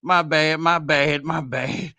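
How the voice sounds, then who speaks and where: A man hosting a live stream, out of breath, talking in a loud, rambling, profanity-heavy way. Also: a little high, steady tone, slow, dry recording. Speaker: host. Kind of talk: casual stream commentary.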